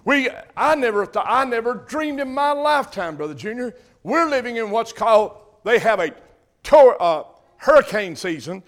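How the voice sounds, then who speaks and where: An older man with a drawl delivers a fiery sermon. His voice sits high and ringing, and he swells to loud emphasis on the words that matter. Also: big pitch swings, normal speed. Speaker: pastor.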